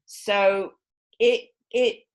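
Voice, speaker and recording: A woman's voice: mid-range voice, steady tone, extremely slow. A middle-aged woman lecturing a class, explaining patiently with many fillers and acting out sample phrasings. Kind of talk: university lecture.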